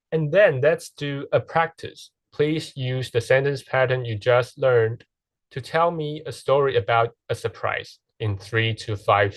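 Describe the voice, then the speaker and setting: A man's voice: lowish voice, no echo. Teacher guy, walks through grammar step by step, keeps asking right? okay?, dry close mic. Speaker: English teacher. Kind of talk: recorded classroom lesson.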